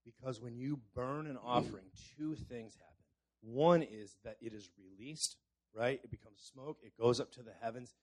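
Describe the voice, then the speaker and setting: A man's voice: mid-range voice, normal speed, darkish tone, low-quality recording. A man co-hosting a Bible discussion, explaining ideas step by step and checking in with his listener.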